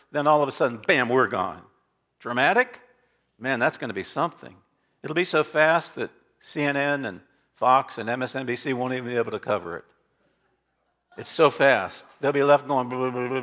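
A man preaching a sermon as pastor, reading scripture aloud and swinging between loud declarations and quiet asides. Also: on the high side. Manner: reads scripture aloud with emphasis.

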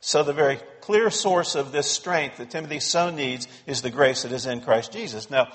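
A man's voice: medium pitch, normal speed, a bit bright, big-room sound. A man preaching an expository sermon to his congregation, pressing points with emphatic repetition. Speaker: pastor. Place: church sanctuary.

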